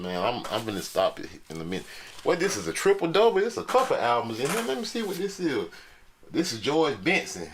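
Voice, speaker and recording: A man's voice: mid-range voice, bright, forceful tone. A man chatting casually to his viewers in a loose, slangy, joking way as he shows off his record collection. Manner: loose, slangy, joking, talks straight to the audience. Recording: crowd and noise behind the voice.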